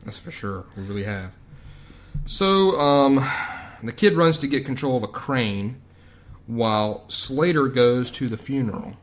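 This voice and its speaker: A man's voice: medium pitch, lively intonation, unhurried. Easygoing man chiming in on a podcast. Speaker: podcast co-host. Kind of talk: casual movie recap chat.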